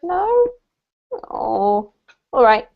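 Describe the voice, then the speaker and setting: A woman teaching an online English class over a video call, encouraging and slowing down to model words. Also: a little high, big pitch swings, creaky. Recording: muffled lo-fi call audio.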